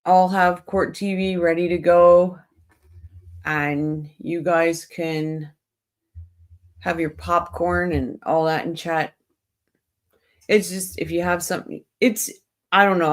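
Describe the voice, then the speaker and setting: A woman's voice: on the low side, fairly even intonation, a little slow. A woman hosting a casual livestream, rambling in a friendly way and talking straight to her viewers. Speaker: livestream host.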